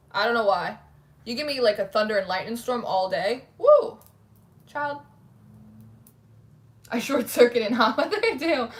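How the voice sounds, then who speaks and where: A young woman, chatting casually on a livestream and answering viewers' comments. Her talk is loose and full of "like" and small restarts, at a medium pitch for a woman. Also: a bit bright. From New Jersey, USA. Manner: chatty, says "like" a lot. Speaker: tarot livestream host. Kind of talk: casual chat reading live comments.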